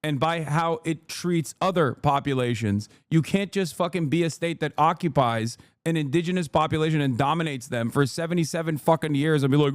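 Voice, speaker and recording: A man streaming live, talking back at a clip in a heated, sarcastic way with plenty of swearing. His voice sits a little high and sounds close and dry, with no room around it. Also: a little fast, hardly any pauses, dry recording. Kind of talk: casual live-stream commentary.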